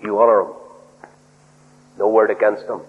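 A man preaching a sermon in an animated way. He swings his pitch up and down, acts out quoted voices and drops in humorous asides. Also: moderate pace, a little hiss or hum. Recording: dull lo-fi recording in a reverberant hall.

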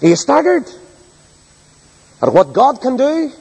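A man preaching an evening sermon with a high, husky voice. He swings widely in pitch as he reads scripture with emphatic, dramatic delivery. His voice carries a long reverb, as in a large church hall. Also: wildly swooping pitch, unhurried, a little mellow.

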